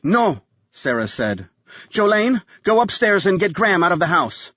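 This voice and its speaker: A man's voice: high voice, sing-song, normal speed, fairly bright tone, no echo, muffled recording, voice pushed up, exaggerated voice. A man voicing a cold, commanding wealthy mother who speaks curtly.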